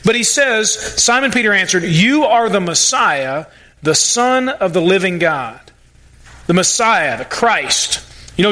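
Man, pastor, sermon; high, ringing voice, earnest, repeats words for emphasis. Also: sharp tone. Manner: earnest preaching, repeats words when stressing a point.

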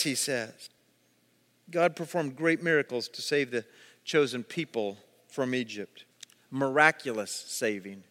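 A man preaching a sermon, telling personal stories with animated, acted-out voices. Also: medium pitch, big-room sound. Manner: storytelling, animated, acts out voices. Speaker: pastor.

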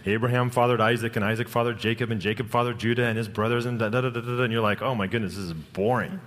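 A middle-aged man preaching a sermon, telling personal stories in an earnest way and slowing down for dramatic lines. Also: medium pitch, level tone, fairly bright tone. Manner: earnest, personal storytelling with dramatic slow-downs. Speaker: pastor. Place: church sanctuary. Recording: long hall reverb.

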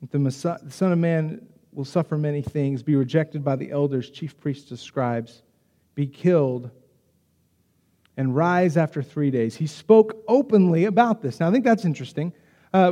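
A man delivers a sermon with a high, mellow voice. He preaches in a chatty, animated way and keeps slipping into quick acted asides. His voice rings through a hall with a long reverb. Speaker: pastor.

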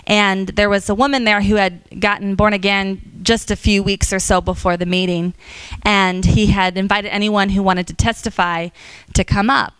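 A woman giving an informal church teaching to a class, telling stories with lively quoted voices and frequent fillers. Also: mid-range voice, normal speed, smooth, no room sound.

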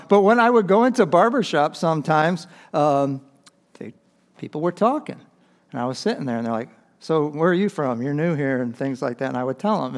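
A young adult man, a youth pastor preaching a sermon in a conversational way, often checking in with "right?". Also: a little high. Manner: conversational preaching, frequent "right?" asides and restarts.

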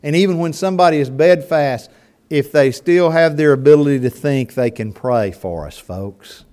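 An older man preaching a sermon to his congregation, telling folksy stories and swinging between loud and soft. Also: a little high, moderate pace. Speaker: pastor. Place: church sanctuary before a congregation.

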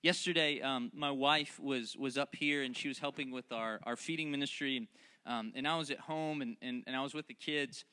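A man's voice: mid-range voice, normal speed, sharp tone, clean tone. A man, preaching a sermon that mixes joking family stories with fervent, repeated calls to the congregation. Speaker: pastor.

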